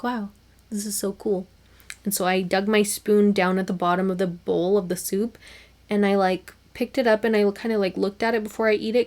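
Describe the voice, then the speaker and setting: A young woman hosting her own podcast, chatting casually and animatedly with lots of fillers and quick laughs. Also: mid-range voice. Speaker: podcast host. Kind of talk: casual solo podcast chat.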